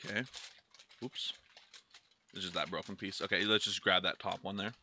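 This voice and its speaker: A man's voice: low voice, steady tone, moderate pace, bright, forceful tone, slight background noise. A young man doing a casual snack taste test, blunt and joking, with lots of swearing. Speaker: food taster.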